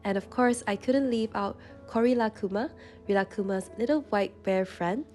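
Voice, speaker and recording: A young woman hosting a journaling channel, with a congested voice from a runny nose, narrating a voice-over in a gentle, calm, upbeat way. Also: mid-range voice, moderate pace. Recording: soft music in the background.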